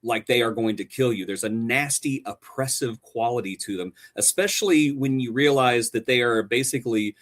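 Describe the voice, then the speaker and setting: A man's voice: mid-range voice, normal speed, few pauses, a bit bright. A man co-hosting a podcast, reviewing a show with sarcastic, theatrical banter. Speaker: podcast co-host.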